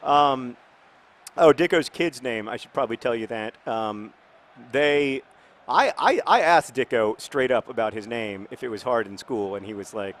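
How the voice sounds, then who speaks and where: A man casually commenting on his football video game in a rambling, jokey way, breaking into excited shouts. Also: mid-range voice, normal speed. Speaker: gaming video host.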